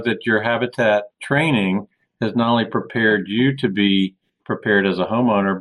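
A man's voice: on the low side, low-quality recording. A man hosting a podcast interview, asking friendly, encouraging questions. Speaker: podcast host.

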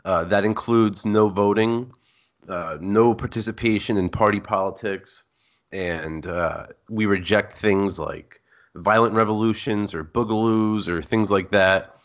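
A man who is a guest on a podcast, explaining his views in a measured way. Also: fairly low pitch, fairly even intonation. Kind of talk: explaining ideas in an interview.

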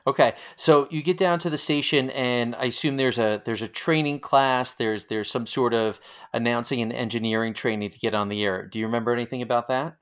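A man's voice: mid-range voice, a little fast, fairly bright tone, smooth. A man with a New York accent interviewing a former colleague, asking questions in a conversational, thinking-aloud way. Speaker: interviewer, radio station alumnus.

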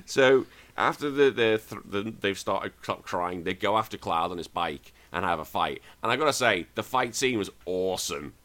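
A man's voice: fairly low pitch, animated, normal speed, few pauses, a bit bright. A man hosting a podcast, retelling a movie scene by scene in casual, profane chat. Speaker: podcast host.

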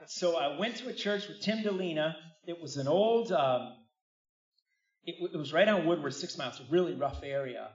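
A middle-aged man preaching a sermon, telling a personal story with lively asides to the congregation. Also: fairly high pitch, normal speed. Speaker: pastor. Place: church hall. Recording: roomy, distant, dull church recording.

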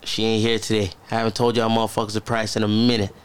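A man's voice: fairly low pitch, monotone, fast, smooth. A man co-hosting a podcast, joking and boastful with lots of cursing. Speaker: podcast co-host. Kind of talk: casual chat.

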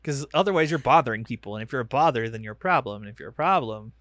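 A man chatting on a podcast with a sardonic, self-deprecating bite and a habit of cursing. His pitch moves a lot as he talks. The sound is close and dry, with no room in it. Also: lively intonation, rapid-fire, fairly bright tone, dry recording. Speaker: podcast co-host. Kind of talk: casual chat.

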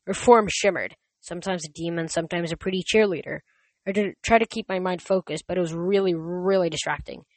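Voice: mid-range voice, a little fast, no room sound. A reader giving a casual amateur audiobook narration, reading plainly, with stumbles and self-corrections.

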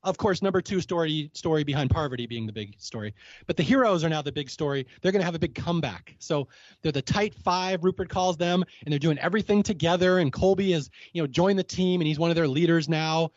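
Chatty high-voiced man hosting a podcast. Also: fast, dry recording, lo-fi sound. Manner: chatty, laughs often, acts out quotes. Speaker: podcast host. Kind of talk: casual chat recapping a TV show.

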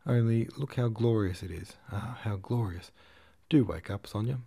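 A man reading the lines of a dreamy, excitable young girl in a storybook, with rapt enthusiasm. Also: lowish voice, normal speed, vocal fry, breathy edge. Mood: enraptured.

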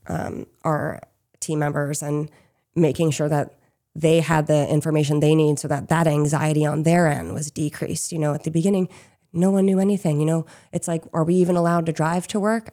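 Low-voiced chatty woman business owner. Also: mellow. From Chester County, Pennsylvania. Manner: chatty, frequent "um" and "you know". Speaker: small business owner, interview guest. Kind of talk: casual interview answers.

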